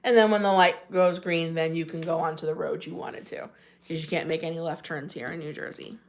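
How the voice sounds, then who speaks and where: A woman with a low-pitched, steady voice speaks a little fast while hosting a casual stream at home in New Jersey. She goes through comments, laughs often, and her voice jumps up when she welcomes viewers.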